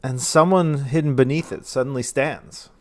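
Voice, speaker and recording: A man's voice: mid-range voice, normal speed, a little mellow. A man narrating as game master in a tabletop game, casual with many fillers.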